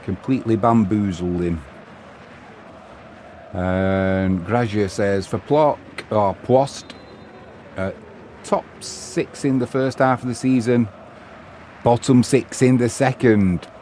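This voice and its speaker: A middle-aged Englishman takes it slowly as he hosts a live match stream, leaving long pauses between casual banter, commentary and viewer messages he reads aloud. His voice is fairly low and a little mellow, with slight background noise.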